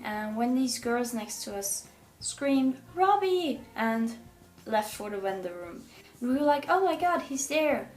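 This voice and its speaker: A young woman vlogging casually, telling funny stories in an animated way and acting out the people she quotes. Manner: animated, acts out quoted dialogue with bursts of pitch. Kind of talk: casual storytelling vlog.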